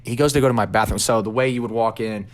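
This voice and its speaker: A young man casually telling a personal story as a podcast co-host, animated and swearing, acting out his own reactions. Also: fairly low pitch, quick pace.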